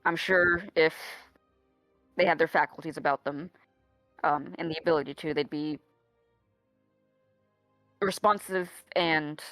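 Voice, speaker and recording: A woman playing a tabletop role-playing game, speaking haltingly with many restarts. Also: low-pitched, fairly even intonation, a bit bright, no room sound, faint music behind. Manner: hesitant, halting, full of restarts. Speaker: player. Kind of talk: tabletop role-play chat.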